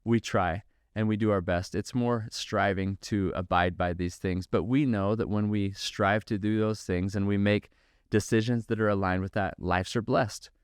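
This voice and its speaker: A middle-aged man hosting a podcast, giving an earnest, measured monologue about faith and values with preacherly repetition. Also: fairly low pitch, steady tone, clear, resonant tone, no room sound, clean studio sound. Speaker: podcast host and company founder. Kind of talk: reflective faith-based monologue.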